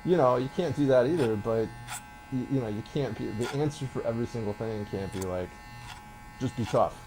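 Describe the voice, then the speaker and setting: A man's voice: medium pitch, brisk, background noise. Laid-back man talking in a barbershop. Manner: laid-back, short backchannels and jokes. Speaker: barber and podcast host. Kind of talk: casual chat.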